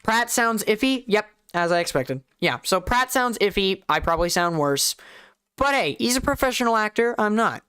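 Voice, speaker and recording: A streamer with a light Southern US lilt gives loose live commentary, chatty and rambling while poking fun at themselves. The mid-range voice is smooth, resonant, bright and forceful, with big pitch swings at a moderate pace. The sound is close and dry, with no room sound.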